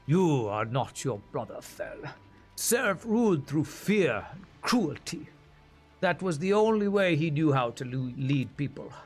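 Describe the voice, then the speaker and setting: A man voicing a steady male companion from a video game who speaks slowly and reassures a friend. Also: on the high side, husky, faint music behind, heavily acted. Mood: reassuring. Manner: slow, calm, reassuring.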